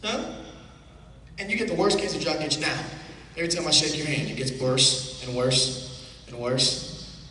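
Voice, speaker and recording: A man's voice: fairly high pitch, lively intonation, normal speed, long pauses, bright, forceful tone, a little hiss or hum. A male stage hypnotist giving repetitive, playful commands to volunteers during a live show. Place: theater stage before a live audience. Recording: echoey hall from far off with crowd.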